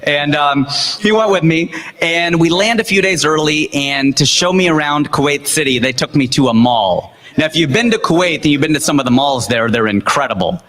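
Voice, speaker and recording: A man's voice: on the high side, moderate pace. American man doing stand-up in a hall. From United States. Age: 40s. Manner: animated storytelling, punchy jokes. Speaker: stand-up comedian. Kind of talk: stand-up comedy set. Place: large event hall with audience. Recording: long hall reverb.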